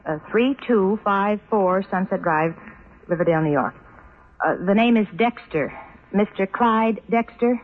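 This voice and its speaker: An actress playing a caring, practical young woman friend in an old-time radio drama, soothing but brisk. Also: mid-range voice, natural voice. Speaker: supportive friend. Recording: tinny old radio broadcast.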